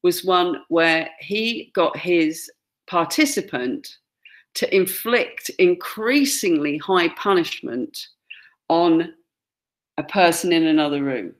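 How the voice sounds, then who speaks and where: A woman's voice: on the low side, takes it slowly. A woman gives a classroom lecture, pointing out pictures and acting out quoted lines. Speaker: teacher.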